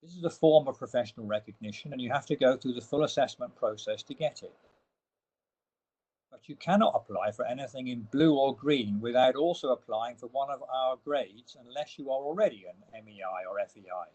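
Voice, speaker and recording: A man's voice: medium pitch, a little fast, darkish tone, breathy edge, rough recording. A man giving a webinar slide presentation, explaining each step and leaning hard on the key words. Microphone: online webinar audio.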